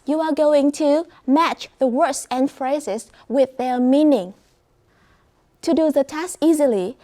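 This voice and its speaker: A woman English teacher with a Vietnamese accent, running a class and guiding her students slowly and clearly with encouragement. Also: sits high, darkish tone.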